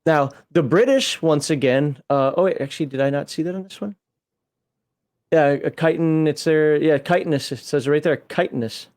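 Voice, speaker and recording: A man's voice: fairly high pitch, lively intonation, brisk, few pauses, darkish tone. An American man co-hosting a casual game-book chat, reading viewer questions and arguing over pronunciation. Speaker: podcast co-host.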